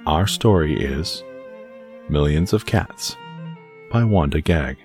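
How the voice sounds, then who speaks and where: A man hosting and narrating a bedtime story podcast, reading in a slow, soothing, measured way. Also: very deep voice, animated, a little mellow, faint music behind.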